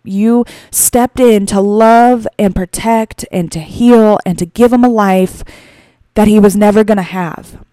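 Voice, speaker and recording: Tearful woman podcaster, mellow voice. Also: medium pitch, steady tone, dry recording, studio quality. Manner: tearful, halting, many restarts. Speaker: podcast host. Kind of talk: emotional personal storytelling.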